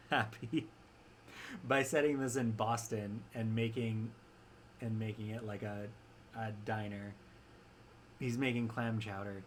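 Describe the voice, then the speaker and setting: A man's voice: medium pitch, slight background noise. A young man chatting casually on a stream, wry and rambling with frequent restarts. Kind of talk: casual chat.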